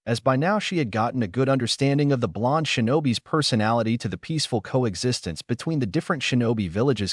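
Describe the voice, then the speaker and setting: A man with a fairly low voice reads out a long fan fiction story. His delivery is steady and even, recorded close and dry with no room sound. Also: no room sound. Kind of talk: scripted story narration.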